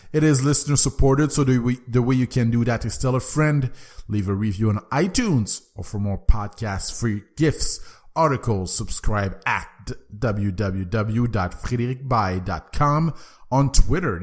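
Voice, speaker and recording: A man's voice: mid-range voice, darkish tone. Enthusiastic man hosting a podcast. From Quebec, Canada. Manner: enthusiastic, repeats and restarts words. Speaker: podcast host. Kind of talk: solo book podcast monologue.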